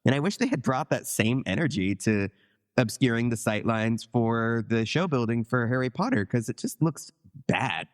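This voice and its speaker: A man's voice: mid-range voice, animated, moderate pace. A man co-hosting a theme park podcast, chatting conversationally and often leaning on "like". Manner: conversational, leans on "like". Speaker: podcast co-host. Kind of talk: casual podcast discussion.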